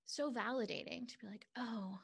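A woman's voice: mid-range voice, normal speed, gravelly. A woman guest talking openly and reflectively in an interview, in loose run-on phrases. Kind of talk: candid interview conversation.

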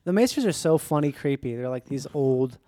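A man's voice: mid-range voice, animated, a little fast, warm tone, no room sound, studio quality. A man in crude, joking casual chat who often slips into silly put-on voices.

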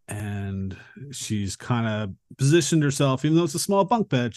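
A man's voice: mid-range voice, no echo, clean studio sound. A man hosting a podcast, casually and animatedly retelling the plot of a film scene by scene. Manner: animated retelling, acting out characters' lines. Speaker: podcast co-host. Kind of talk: casual movie recap.

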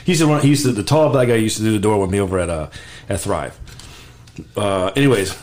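A man's voice: on the low side, fast, a little mellow, a little hiss or hum. A man hosting a podcast, telling a story in casual chat, stammering and laughing often. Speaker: podcast host.

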